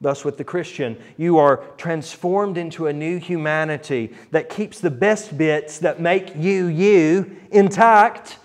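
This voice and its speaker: A man preaching a sermon, earnest, reading scripture aloud dramatically and swinging between loud emphasis and quiet low points. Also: measured pace, few pauses.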